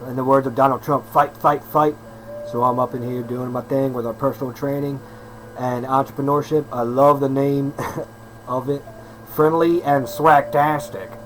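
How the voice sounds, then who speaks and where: A man's voice: mid-range voice, flat delivery, normal speed, slight background noise, rough recording. A man in his thirties, a personal trainer, talking in a casual rambling vlog, hyper and upbeat with slang and lots of repeats. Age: 30s.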